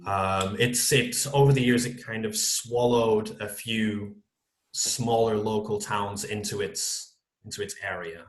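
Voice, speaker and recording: Hesitant teacher, low voice. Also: male voice, fairly even intonation, a little slow, roomy sound. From North-West England. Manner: hesitant, many ums and kind-ofs. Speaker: English teacher. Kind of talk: answering student questions on a video call.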